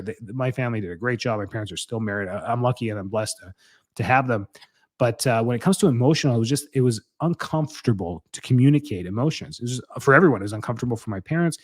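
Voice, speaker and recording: A man in his thirties hosting a solo podcast, talking in an earnest, rambling way and often correcting himself. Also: mid-range voice. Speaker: podcast host. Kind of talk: casual solo podcast talk.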